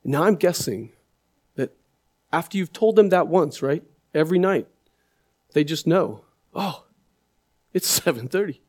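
A man's voice: a little high, lively intonation, a little slow, pauses often, darkish tone. A man preaching a sermon in a conversational way, often checking with listeners and repeating words as he builds his point. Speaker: pastor.

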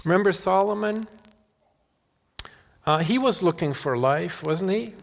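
Male pastor, earnest sermon delivery, slightly high pitch, reverberant sanctuary sound. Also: lively intonation, unhurried, creaky. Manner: earnest, repeats words and restarts often. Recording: long hall reverb.

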